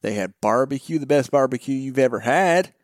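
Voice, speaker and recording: A man's voice: medium pitch, expressive, a little fast, no room sound, studio quality. A man co-hosting a podcast in casual, joking banter, riffing and cutting in on his partner. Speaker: podcast co-host.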